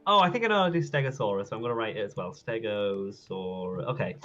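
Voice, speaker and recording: A man, a community manager, chatting casually on a game stream, animated and laughing often as he spells. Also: fairly low pitch, fast, muffled recording, faint music behind. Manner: animated, laughs often, exclaims loudly when wrong.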